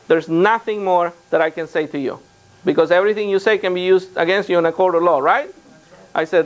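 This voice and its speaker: A man, a real estate trainer, telling anecdotes to a live seminar audience and acting out what others said. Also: sits high. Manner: animated anecdotes with quoted dialogue. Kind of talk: storytelling seminar talk.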